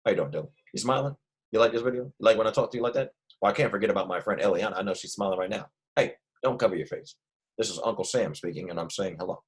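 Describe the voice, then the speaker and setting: A man putting on a patriotic old Uncle Sam voice, greeting children by name in a slow, folksy way. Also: on the low side, husky.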